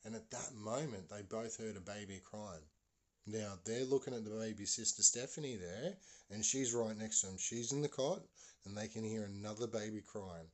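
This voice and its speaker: A man's voice: fairly low pitch, moderate pace. A man, a podcast host telling a ghost story casually, rambling with many fillers and restarts.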